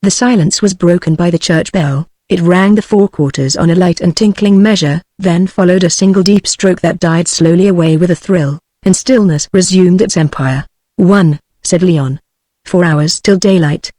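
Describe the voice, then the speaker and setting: A woman's voice: on the low side, moderate pace, no room sound. Dry synthetic British woman narrator. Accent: British English. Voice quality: even, machine-read delivery.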